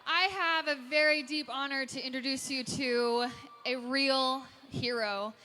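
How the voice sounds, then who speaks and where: A woman with a high, bright voice introduces a speaker to an arena crowd. She speaks with earnest feeling, her voice catching with emotion as she talks into a stage microphone. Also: measured pace, a little hiss or hum. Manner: heartfelt, earnest, voice breaking with emotion. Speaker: event presenter. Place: large indoor arena.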